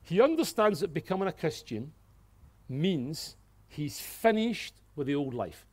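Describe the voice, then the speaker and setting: A man preaching a sermon, swinging from hushed, earnest passages to loud exclamations, with light-hearted asides. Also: fairly high pitch, big pitch swings, a little slow. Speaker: pastor.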